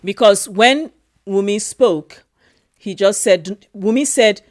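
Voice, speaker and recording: A woman talking casually and emotionally about a film she loves, slowly repeating her phrases. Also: mid-range voice, no room sound, studio quality. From Europe. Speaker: film review vlogger. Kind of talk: casual film review vlog.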